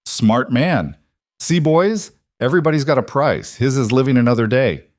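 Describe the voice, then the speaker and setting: A man's voice: medium pitch, animated, normal speed, no room sound, studio quality, voice pushed up, natural voice. Man voicing a mocking outlaw boss. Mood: mocking menace. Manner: taunting, menacing drawl. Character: ruthless male outlaw gang leader, mocking. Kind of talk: audiobook story narration.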